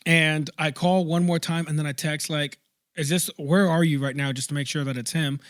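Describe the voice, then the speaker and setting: A young adult man casually telling a story to friends, animated, laughing and swearing freely. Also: on the high side, moderate pace, no room sound, studio quality. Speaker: podcast co-host.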